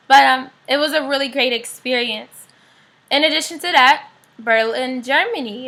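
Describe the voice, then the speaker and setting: A woman's voice: high-pitched, sharp tone. A young American woman chatting casually in a vlog, upbeat and rambling with frequent fillers. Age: young adult. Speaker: vlogger.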